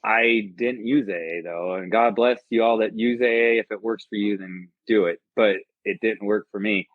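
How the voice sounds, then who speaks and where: A man's voice: lowish voice, fairly even intonation, normal speed, no echo. A man from the United States, a podcast guest and army veteran, telling a personal story in a rambling, profane, earnest way. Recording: dull lo-fi podcast audio.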